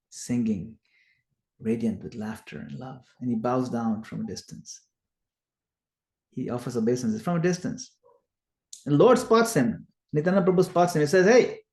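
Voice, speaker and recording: Male scripture teacher, mid pitch, lively storytelling, roomy sound. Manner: animated retelling, acts out quoted lines loudly. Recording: echoey room.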